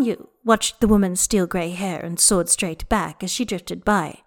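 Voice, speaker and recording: A woman reading a story aloud as narrator, expressive and unhurried with lingering pauses. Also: lowish voice. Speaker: audiobook reader. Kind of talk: scripted narration of fan fiction.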